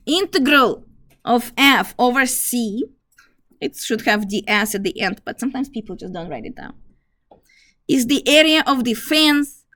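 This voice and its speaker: Woman math teacher, hoarse from a fever, somewhat high voice, casual lecture, keeps clearing her throat. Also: a bit bright. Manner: explains step by step, clears throat often.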